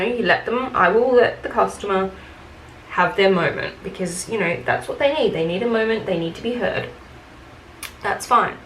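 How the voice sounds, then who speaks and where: A woman's voice: lowish voice, gravelly, a bit bright, a little hiss or hum. A woman telling retail work stories in a casual rant, frank and chatty, with plenty of fillers and swearing. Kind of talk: casual get-ready-with-me rant. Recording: echoey room with faint ambience.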